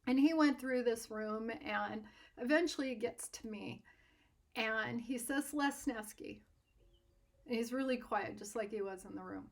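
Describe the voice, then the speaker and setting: Chatty woman telling a story on herself, highish voice, laughs a lot. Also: normal speed. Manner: animated, self-deprecating, laughs often. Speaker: art instructor. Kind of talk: personal storytelling.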